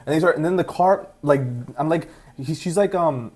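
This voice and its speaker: A man's voice: fairly high pitch, a little fast, a little mellow. A young man co-hosting a podcast, rambling through a story in casual chat, full of "like". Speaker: podcast co-host.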